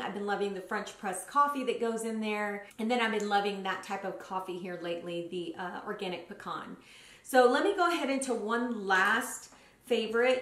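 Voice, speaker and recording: A woman's voice: mid-range voice, fairly bright tone. A woman vlogger chatting casually through her monthly favorites, gushing and using lots of fillers. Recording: roomy echo.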